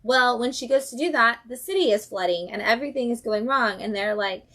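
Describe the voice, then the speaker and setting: A woman's voice: fairly high pitch, animated, a little fast, a bit bright. A woman hosting a casual livestream, chatting enthusiastically about new comics and acting out characters' lines. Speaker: comic shop host.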